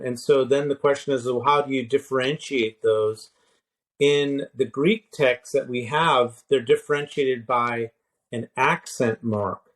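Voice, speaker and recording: A man teaching Greek grammar in a relaxed conversational lesson, explaining patiently with frequent fillers and restarts, spelling out word forms slowly. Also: mid-range voice.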